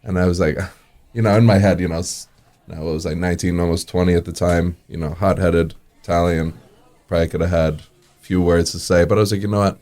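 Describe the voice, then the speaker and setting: A deep, slightly mellow male voice with fairly even intonation moves fast and with few pauses. The speaker, a restaurant owner in an interview, tells casual stories, acting out dialogue and chuckling often.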